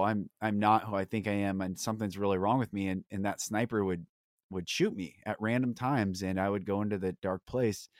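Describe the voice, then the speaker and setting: A male podcast host speaks with an earnest, emphatic delivery, leaning hard on certain words. His voice sits low. The sound is dry and close, with no room around it. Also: no echo. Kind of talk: candid podcast conversation.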